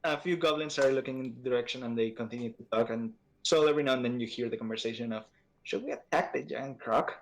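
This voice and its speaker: A man narrating a tabletop game as its game master, pausing often as he describes each scene. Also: mid-range voice.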